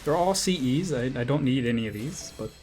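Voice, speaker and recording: A man commenting on his gacha rolls, getting excitable, swearing and pleading with the game. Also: mid-range voice, a little fast, soft background music. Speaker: game streamer.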